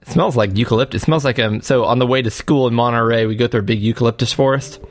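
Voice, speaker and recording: A man's voice: mid-range voice, fast, slight background noise. Easygoing man in casual chat. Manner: playful, easygoing. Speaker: podcast co-host.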